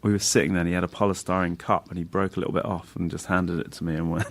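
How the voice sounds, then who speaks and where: A man with a low voice and a gravelly edge tells rambling stories in a relaxed podcast chat. He laughs often and drops into quick impressions of his friends as he goes. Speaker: comedian guest.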